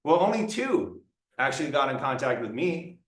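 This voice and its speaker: A man's voice: medium pitch, sing-song, moderate pace, close to an everyday voice. A man voicing a male demon who fumbles hesitantly, recorded far off in a roomy room. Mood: surprised. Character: P demon, male, surprised and mildly competitive.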